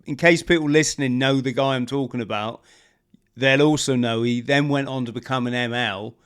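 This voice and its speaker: A man's voice: mid-range voice, normal speed, fairly bright tone, clean tone. A man hosting a podcast interview, chatting casually, adding apologetic asides and checking facts with his guest. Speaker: podcast host.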